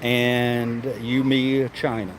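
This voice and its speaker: A man with a drawl talks in a loose, chatty way, addressing his viewers and the animals as he goes. He records on a handheld phone outdoors, and his voice sits at an ordinary middle pitch. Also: level tone, drawn-out words, a little hiss or hum. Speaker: vlogger. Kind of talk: casual walking vlog. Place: outdoors at a zoo.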